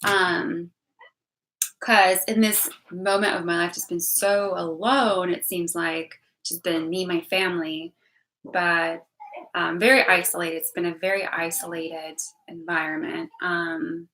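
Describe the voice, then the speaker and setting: A woman's voice: fairly low pitch, level tone, unhurried, bright, forceful tone, rough recording. A young woman vlogging candidly about a hard year, rambling emotionally with many restarts and repeated words. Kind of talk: candid personal vlog talk.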